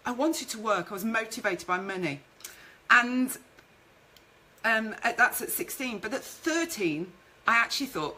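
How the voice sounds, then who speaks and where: A woman's voice: mid-range voice, bright, forceful tone, low-quality recording. A woman hosting a live-streamed business talk, chatty, reading out viewer comments and telling stories from her career. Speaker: networking show host and speaker.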